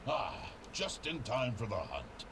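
An actor voicing a calm, watchful male hunter in a video game, speaking slowly and steadily. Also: mid-range voice, a little hiss or hum.

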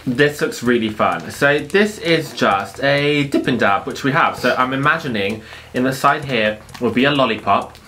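A man's voice: medium pitch, moderate pace, pushed and bright, slight background noise. A man with a British accent, co-hosting a casual candy-tasting chat as a drag queen, easygoing and teasing. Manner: easygoing, teasing, laughs along.

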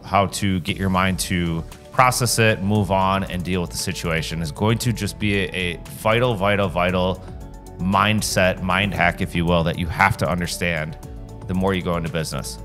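A man with a fairly low voice hosts a podcast. He talks earnestly and sometimes repeats a word while he searches for the next one. Faint music plays under him. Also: fairly bright tone. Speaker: podcast co-host. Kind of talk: podcast intro and interview.

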